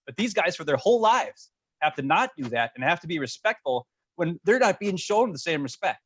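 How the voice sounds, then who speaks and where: A man's voice: fairly high pitch, big pitch swings, husky, no echo. A man co-hosting a casual podcast chat, passionate and easily fired up. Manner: fired-up, passionate, talks fast. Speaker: podcast co-host.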